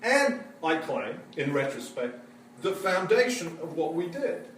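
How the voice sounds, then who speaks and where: A man's voice: a little high, a little slow, a little hiss or hum. A man playing a witty, enthusiastic Victorian naturalist, lecturing in character with a theatrical, joking delivery. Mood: lively. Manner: animated, theatrical, joking storyteller. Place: museum lecture hall. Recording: echoey hall, mic far off.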